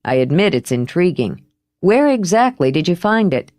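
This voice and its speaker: A woman voicing a wry, teasing young man in an audiobook, with her voice lowered and a dry, amused delivery. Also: very animated, moderate pace, darkish tone, no echo.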